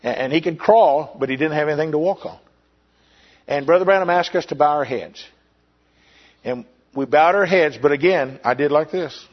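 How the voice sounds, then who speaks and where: This is a sincere sermon testimony from an older pastor who loops back over phrases and pauses as he narrates. His pitch runs somewhat high for a male voice, and the recording sounds dull and low-quality.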